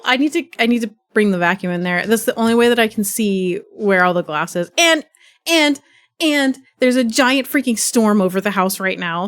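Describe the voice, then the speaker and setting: A young woman livestreaming, telling a chaotic story in a rambling, profane, animated way, with a stuffy nose from sneezing. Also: medium pitch. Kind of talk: casual chat.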